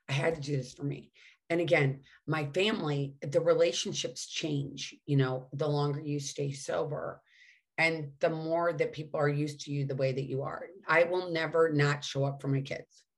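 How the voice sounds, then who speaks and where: A middle-aged woman speaking frankly and emotionally about her past, with swearing and self-mockery. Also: low voice. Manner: says she cannot sing. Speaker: recovering alcoholic sharing her story. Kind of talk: candid personal monologue.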